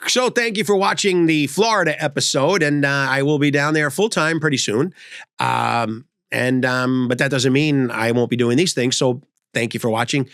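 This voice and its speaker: A man's voice: medium pitch, moderate pace, fairly bright tone, no room sound, studio quality. An older man hosting a comedy show, telling rambling stories that interrupt themselves. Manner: rambling, self-interrupting storyteller. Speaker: comedy host. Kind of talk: storytelling comedy monologue.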